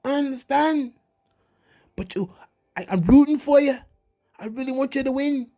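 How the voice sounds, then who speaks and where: A man putting on a voice for a boisterous grown male wrestler, speaking in high, loud, chummy exclamations. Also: normal speed.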